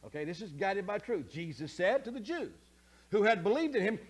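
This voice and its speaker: A man preaching a sermon as pastor, conversational, often checking in with the congregation, swinging from soft asides to loud emphatic scripture quotes. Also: high voice, normal speed. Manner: animated, conversational preaching with frequent check-ins.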